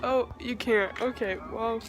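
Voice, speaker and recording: Giggly high-voiced young woman vlogging. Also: fairly even intonation, measured pace, faint music behind. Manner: giggly, keeps breaking into laughter. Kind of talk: casual vlog chat. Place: outdoors on a pier by the water. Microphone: phone camera held by the speaker. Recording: outdoor phone recording with background noise.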